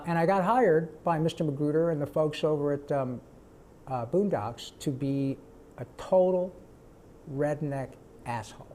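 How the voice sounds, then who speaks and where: A voice actor answering audience questions at a live panel, animated and quick to slip into character voices. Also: male voice, fairly high pitch, slight background noise. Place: event stage before a live audience.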